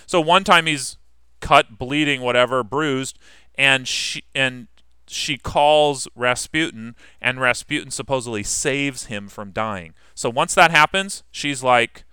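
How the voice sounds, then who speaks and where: A man's voice: mid-range voice, takes it slowly, pushed and bright, smooth, no room sound, clean studio sound. A man teaching a history class in a casual, conversational way, asking his students questions and answering them himself.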